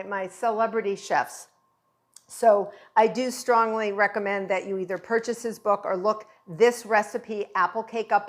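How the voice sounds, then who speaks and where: A chatty, enthusiastic woman in middle age walks viewers through a cake recipe in her kitchen. She talks in an easy, gushing way, with a voice of ordinary pitch for a woman. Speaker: baking instructor. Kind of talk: home baking tutorial.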